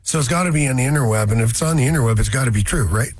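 Husky-voiced man hosting a radio chat. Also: mid-range voice, rapid-fire. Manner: rambling, chuckling, folksy asides. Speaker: radio show host.

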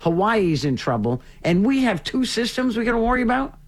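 Guy hosting a radio talk show, animated, tells stories, voice goes up and down a lot. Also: high-pitched, a little fast. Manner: chatty, animated storytelling. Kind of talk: casual chat.

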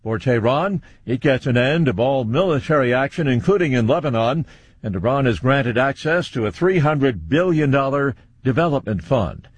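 A man anchoring a radio newscast, reading headlines in a brisk, clipped way. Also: mid-range voice, expressive, husky, no room sound. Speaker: news anchor.

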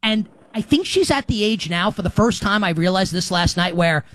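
A man's voice: sits high, expressive, normal speed, a bit bright. A man hosting a sports talk show, chatting casually and restarting his sentences often. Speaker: sports podcast host. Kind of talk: casual chat.

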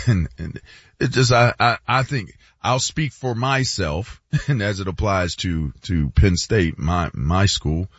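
A man co-hosting a casual sports talk show, rambling with halting restarts. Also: low-pitched, slightly rough, no room sound, lo-fi sound.

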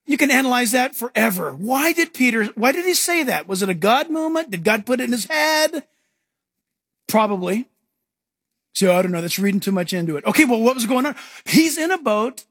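A man preaching a sermon as pastor, animated and acting out scenes for his congregation. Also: extremely high pitch, a little fast, no echo, studio quality.

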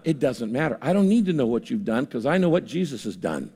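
A man's voice: mid-range voice, very animated, fast talker, warm tone, slightly rough, big-room sound. An older man preaching a sermon in an earnest, conversational way, speaking to a large church auditorium. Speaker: pastor.

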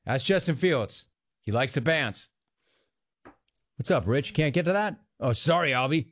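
Taking callers on his radio show, this host jokes around in sing-song riffs. His mid-range, fairly bright voice is lively in intonation, unhurried, and broken by frequent pauses.

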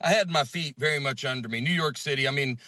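A man's voice: mid-range voice, fast, no room sound. A man in his thirties from Alabama with a Southern accent, chatting as a comedian guest and acting out quotes. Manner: animated, acts out quotes. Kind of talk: casual interview chat.

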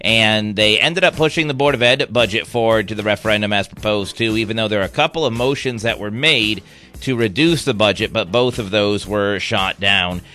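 A man reading the news and chatting on air as a radio news anchor, with a steady newsreader delivery. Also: fairly low pitch, fairly quick, soft background music. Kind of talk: radio newscast and on-air chat. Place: radio studio. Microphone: studio microphone.

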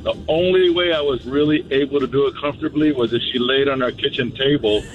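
A man calling in to a radio show, telling a story in a calm, earnest and halting way. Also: mid-range voice, muffled recording, faint music behind. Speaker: caller, mortician.

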